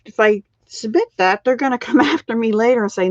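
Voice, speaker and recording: A fast-talking middle-aged woman with a fairly high pitch barely pauses as she hosts a card-making live stream. She keeps up casual crafting chat, laughing often and joking about her own slip-ups. The recording has a dull, lo-fi sound.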